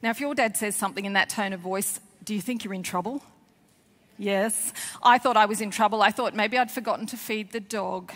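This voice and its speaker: A woman, a children's author and former teacher, telling a lively, expressive story to schoolchildren at a festival. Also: medium pitch, a little fast. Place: large festival hall. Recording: long hall reverb.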